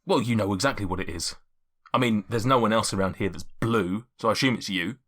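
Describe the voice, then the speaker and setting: A man voicing a gruff, irritable female blacksmith who scolds in an exasperated way. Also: on the low side, fast, a bit bright. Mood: scolding.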